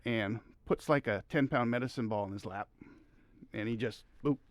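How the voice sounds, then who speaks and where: A middle-aged man, a high school track coach, telling rambling stories as a podcast guest, laughing often. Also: moderate pace. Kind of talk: casual podcast conversation.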